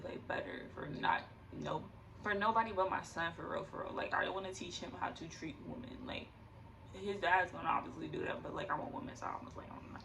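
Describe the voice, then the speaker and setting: Young woman, gravelly, tearful, rambling with fillers, distant mic, faint background noise. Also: low-pitched, a bit bright. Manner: rambling, fillers, nervous laughter. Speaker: vlogger. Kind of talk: candid personal vlog.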